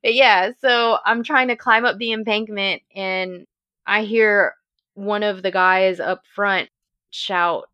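Brief: woman, bright clear voice, lively storyteller who laughs a lot and acts out her thoughts. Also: medium pitch, slow pace, muffled recording. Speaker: race participant recounting her race. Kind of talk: casual podcast chat.

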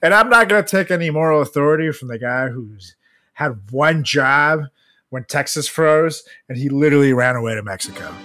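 A man co-hosting a casual podcast, swearing freely, laughing often and breaking into loud bursts. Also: on the high side, expressive, moderate pace, dry recording. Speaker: podcast co-host. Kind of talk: casual crude comedy chat.

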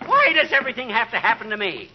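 An actor playing a blustering, hot-tempered, bumbling middle-aged husband in a 1940s radio comedy, grumbling in loud outbursts. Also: male voice, extremely high pitch, big pitch swings, fast talker. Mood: grumbling, exasperated. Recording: muffled 1940s radio broadcast with hiss.

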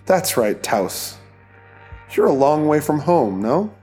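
A man voicing a calm, menacing male cult leader in an audiobook, speaking in a slow, soothing, coldly controlled way. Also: fairly high pitch, soft background music, voice pushed up.

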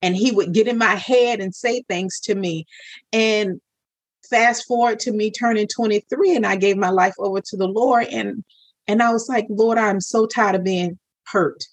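A woman's voice: medium pitch, steady tone, moderate pace, no room sound. Earnest woman telling her faith story. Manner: earnest, acts out her own past words to God. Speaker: podcast guest, storyteller. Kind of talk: personal testimony in an interview.

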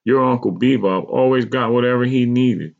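Male reader voices a pained, pleading mother, pitched well up from his own voice, on a dull lo-fi recording. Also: normal speed, creaky, darkish tone, lightly acted. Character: pained, regretful mother recalling a hard youth.

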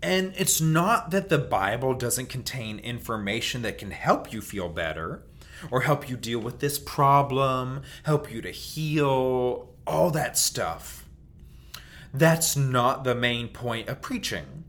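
A man's voice: mid-range voice, lively intonation, slow, a bit bright. A man who preaches, hosting a podcast in a candid, self-deprecating way. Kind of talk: casual podcast monologue.

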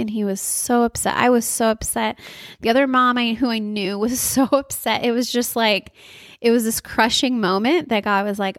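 A woman's voice: fairly high pitch, steady tone, moderate pace, dry recording, clean studio sound. A woman in her thirties, a mother sharing faith stories, telling a personal story in an earnest, confiding way. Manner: earnest, confiding, acts out quoted dialogue.

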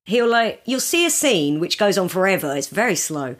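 A woman's voice: medium pitch, big pitch swings, normal speed, a little hiss or hum. A woman, a comedian, chatting as a podcast guest and laughing often. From United Kingdom. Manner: laughs often, breaks into comic voices of film characters. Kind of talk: casual podcast chat. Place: remote, across the ocean from the hosts.

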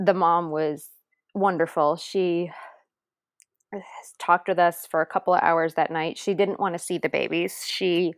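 Brief: low, dry-voiced woman, earnest and tender personal storytelling, sometimes hushed. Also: steady tone, a little slow, no echo. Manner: earnest, tender, drops to near-whisper at moments. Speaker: adoptive mother guest.

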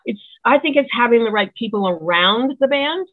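A woman's voice: fairly high pitch, animated, normal speed. A woman musician giving rambling, earnest advice in casual chat, heard over a tinny phone-like line. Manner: rambling, earnest, many restarts. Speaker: musician guest.

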